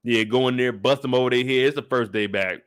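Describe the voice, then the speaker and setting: A man's voice: mid-range voice, fast, a bit bright. Laid-back man recapping a show. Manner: laid-back slangy talk, laughs easily. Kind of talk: casual episode recap commentary.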